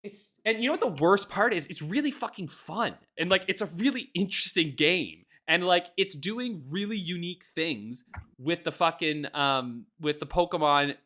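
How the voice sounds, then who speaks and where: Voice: mid-range voice, lively intonation, normal speed, pushed and bright. A podcast co-host in casual chat, ranting animatedly and swearing a lot, often laughing.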